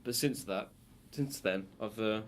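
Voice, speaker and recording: A man's voice: lowish voice, measured pace, a little hiss or hum. A young man with a Birmingham accent, co-hosting a casual chat podcast and telling a long story with many restarts. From England. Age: young adult. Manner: rambling, storytelling with restarts and laughs. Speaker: podcast co-host.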